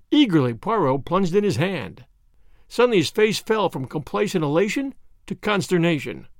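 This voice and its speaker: A man narrating a detective story as an audiobook, measured and expressive. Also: high voice, no echo, studio quality.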